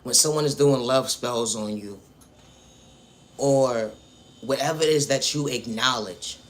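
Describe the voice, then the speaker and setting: A spiritual vlogger with a medium-pitched, unhurried voice delivers a preachy motivational monologue on faith and self-worth. He speaks directly to the viewer and keeps circling back to the same refrains.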